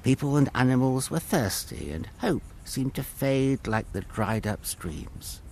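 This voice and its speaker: A man narrating a children's Bible story with expressive storytelling. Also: medium pitch, measured pace, slight background noise.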